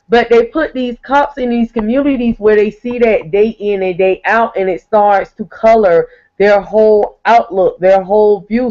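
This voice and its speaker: A man on an online panel who lays out his argument in a steady, explanatory way. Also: sits high. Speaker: panel guest. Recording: dull lo-fi call audio.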